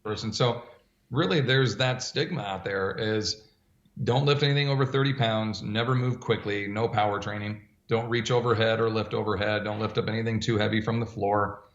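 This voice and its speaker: A man's voice: on the low side, normal speed, echoey room, lo-fi sound. A man who coaches strength training for older adults, answering interview questions and acting out dialogue as he tells stories. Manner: animated storyteller, acts out dialogue.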